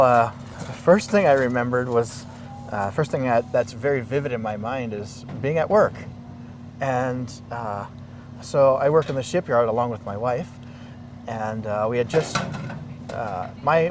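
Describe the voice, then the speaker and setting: A man's voice: medium pitch, background noise. Man telling his story outdoors, distant mic. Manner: animated, acts out quoted dialogue. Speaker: interviewee, local resident. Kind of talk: personal storytelling in an interview. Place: outdoors in a residential neighborhood.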